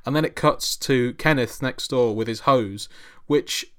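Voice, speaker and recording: Male podcast guest, mid-pitched, casual and hesitant, with dry delivery and frequent restarts. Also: measured pace, a bit bright. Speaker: guest author.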